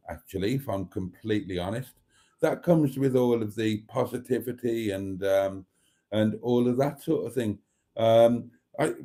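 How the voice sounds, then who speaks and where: A man's voice: medium pitch, dark tone. A middle-aged British man hosting a live stream, chatting casually and rambling through jokes and viewer comments. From Britain. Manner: chatty and rambling, with dry jokes and mock outrage. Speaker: livestream host reading viewer comments.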